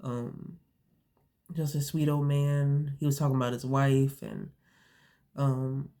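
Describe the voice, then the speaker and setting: A young woman vlogs casually to her viewers, telling a story to camera and rambling with lots of fillers and restarts. She sounds a bit sniffly from allergies. Her voice is very deep, expressive and mellow, and she speaks slowly.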